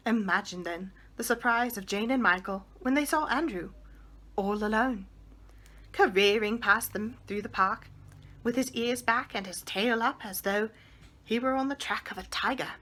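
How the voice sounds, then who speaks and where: A woman reading a children's book aloud in a measured, expressive storybook manner. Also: a little high.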